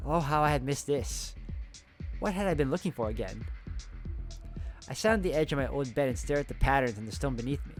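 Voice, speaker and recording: Man, game reader, steady narration, chuckling asides, faint music behind. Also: mid-range voice. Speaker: let's-play host. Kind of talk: reading a visual novel aloud with commentary.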